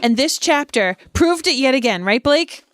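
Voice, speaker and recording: A woman co-hosting a casual chat podcast, her fairly high voice bouncing all over with expression. The sound is close and dry, with no room around her. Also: moderate pace, dry recording. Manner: animated and expressive, reads passages aloud. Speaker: podcast co-host.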